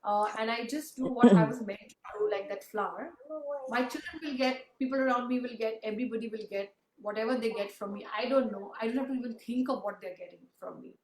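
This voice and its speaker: Woman host, fairly high voice, earnest and reflective, lots of ums, echoey room with faint background noise. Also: quick pace. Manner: earnest, reflective, rambling with many fillers. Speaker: interview host. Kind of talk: casual conversational interview.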